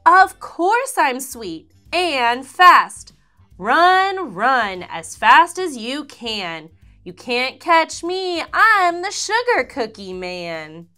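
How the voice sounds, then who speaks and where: Cheeky high little cookie boy for a storybook, as a woman puts him on, bright and bouncy. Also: big pitch swings, very slow, soft background music, exaggerated voice. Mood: boastful. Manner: high shouty bragging, sing-song taunts. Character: boastful little boy cookie, sassy and proud.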